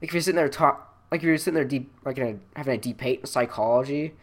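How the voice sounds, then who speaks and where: A man's voice: mid-range voice, quick pace. A teenage male podcast co-host telling school stories in a loose, rambling way, laughing often and full of restarts and fillers, speaking over an online call. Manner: laughs a lot, rambling, many likes and restarts. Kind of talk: casual storytelling chat. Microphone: online call microphone.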